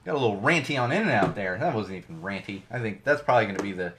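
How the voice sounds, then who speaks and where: A man's voice: on the low side, lively intonation, fast talker, fairly bright tone, slight background noise. A middle-aged man hosting his own podcast from a home studio, giving ranty, digressive solo commentary with lots of emphasis. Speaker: podcast host.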